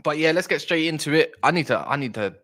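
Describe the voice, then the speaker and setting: This football stream host from South East London has a fairly high, animated voice and talks quickly. In easygoing livestream chatter, he reads messages from chat out loud and gives viewers shout-outs.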